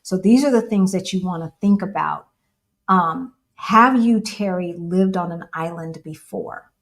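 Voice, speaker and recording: A woman's voice: fairly low pitch, a little slow. Chatty American woman on a livestream. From United States. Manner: chatty, animated, answers viewer questions. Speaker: co-host of a livestream. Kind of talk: casual livestream chat.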